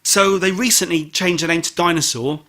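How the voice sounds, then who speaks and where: Bright-voiced joking man. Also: high voice, fairly even intonation, normal speed. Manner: jokey, rambling, teasing, with sudden loud exclamations. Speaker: podcast co-host. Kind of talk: casual chat, album review.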